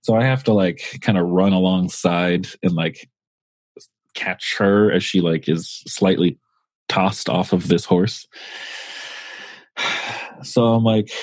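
Podcast co-host, male, low husky voice, loose swearing storyteller, dry close mic. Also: takes it slowly, long pauses, dry recording. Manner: rambling, profane, full of fillers. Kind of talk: casual storytelling.

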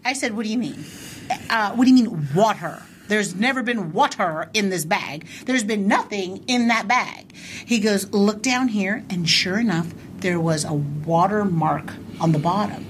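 A woman's voice: medium pitch, moderate pace, a little hiss or hum. A middle-aged woman co-hosting a podcast, retelling a heated story in casual chat and acting out both sides of the argument. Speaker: podcast co-host.

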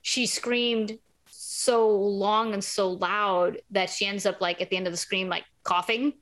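A woman's voice: mid-range voice, unhurried, low-quality recording. A woman in casual chat, retelling a TV episode scene by scene and acting out the characters' lines. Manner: animated retelling, acts out quotes and screams. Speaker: podcast co-host recapping a TV episode.

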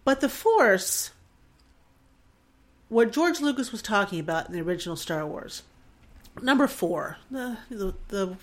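A woman's voice: medium pitch, very animated, measured pace, pauses often. A woman in her forties hosting a podcast, talking in an earnest, reflective monologue that rambles with restarts and wavers with emotion. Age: 40s. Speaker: podcast host.

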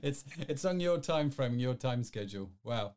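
A man's voice: mid-range voice, lively intonation, normal speed, darkish tone, clear, resonant tone. A man hosting a live-streamed podcast, chatty and rambling, full of fillers and restarts. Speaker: podcast host.

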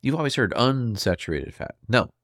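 A man's voice: medium pitch, big pitch swings, moderate pace, fairly bright tone, dry recording, clean studio sound. A man hosting a solo health podcast, lecturing emphatically and asking his listeners rhetorical questions. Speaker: podcast host.

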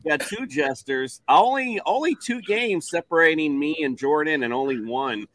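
A man's voice: fairly high pitch, normal speed. A man hosting a sports picks show, reading stats and playfully calling on each panelist. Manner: animated, playful, reads stats then asks panel.

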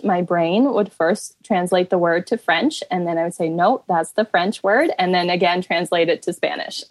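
A woman's voice: lowish voice, a little mellow, dry recording, rough recording. A woman, a therapy business owner, speaking as a podcast guest in a friendly, upbeat, conversational way. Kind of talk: casual interview chat.

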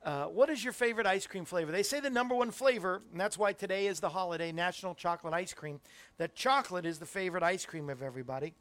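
A man's voice: high-pitched, fast talker, a bit bright, dry recording. A middle-aged man hosting a Christian talk show, chatting casually and rambling as he talks to viewers in the chat. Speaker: host.

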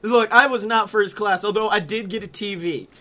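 A young man co-hosts a casual podcast, telling a long story with a bright, clear voice. He swears freely, laughs often and acts out the quotes of the people in his story. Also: high-pitched, moderate pace. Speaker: podcast co-host.

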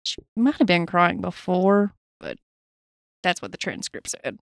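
A woman's voice: lowish voice, big pitch swings, unhurried, dry recording, studio quality. A woman co-hosting a true crime podcast, reading from a case account with blunt personal asides. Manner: reads gravely, adds blunt asides. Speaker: podcast co-host.

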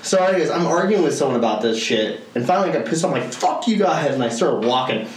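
Racing along in an expressive, mid-range voice, this young male podcast co-host spins loose, profane stories and laughs a lot during casual chat. The audio sounds echoey and faintly noisy, picked up by a mic set far away.

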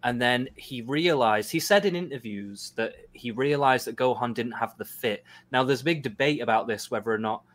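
A man in a casual stream chat who lays out long explanations in a measured, even way. He leans on "like" as he thinks. His voice sits at a middling pitch. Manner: measured, explanatory, uses "like" often.

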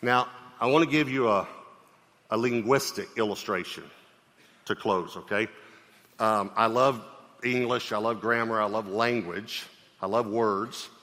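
A pastor delivering a sermon in an emphatic, conversational way, often checking in with the congregation through questions. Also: male voice, fairly low pitch, unhurried, sharp tone. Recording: long reverb of a large hall.

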